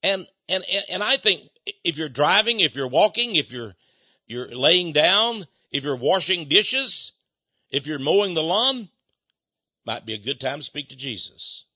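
A man's voice: on the high side, very animated, measured pace, bright, forceful tone, husky, dry recording. An older man, preaching in a chatty, folksy way, laughing often and acting out little conversations. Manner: chatty, laughs often, acts out quoted voices. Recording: dull dry lo-fi recording.

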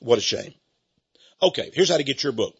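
A man hosting a radio ministry talk show, pitching a book and then commenting emphatically. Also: a little fast, vocal fry, husky, dull audio. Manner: emphatic, animated delivery.

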